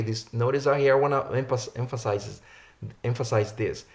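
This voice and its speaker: A man's voice: mid-range voice, lively intonation, normal speed. A man preaching a sermon, reading verses aloud and repeating key words for emphasis. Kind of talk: sermon teaching from scripture.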